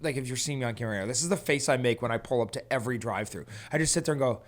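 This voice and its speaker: Animated male podcast co-host telling stories. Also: mid-range voice, very fast. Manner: animated storyteller who acts out voices and laughs often. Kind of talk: casual storytelling chat.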